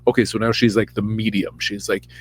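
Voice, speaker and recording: A man's voice: on the low side, little pitch movement, brisk. A podcast host, a man, retelling a Bible story in a rambling, irreverent, campy way.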